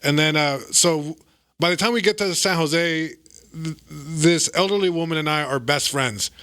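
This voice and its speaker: A man in his thirties tells a rambling comic story, stumbling over fillers and restarts, laughing along the way. His voice is bright and sits a bit high, recorded dry and close. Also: normal speed, clear, resonant tone, dry recording. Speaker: comedian guest. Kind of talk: casual storytelling.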